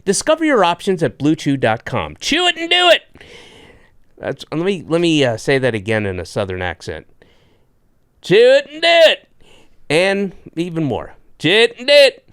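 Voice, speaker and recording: A man's voice: fairly high pitch, clear, resonant tone, no echo, clean studio sound. A middle-aged male podcast host, from Atlanta, reading sponsor ads in a jokey, playful way with sudden voice jumps. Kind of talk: ad read and casual interview chat.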